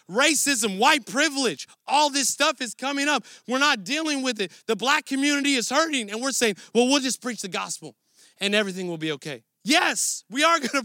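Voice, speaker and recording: A man's voice: very high voice, sharp tone, no echo, studio quality. A man preaching a sermon in a conversational, earnest way, often restarting his phrases. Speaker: pastor.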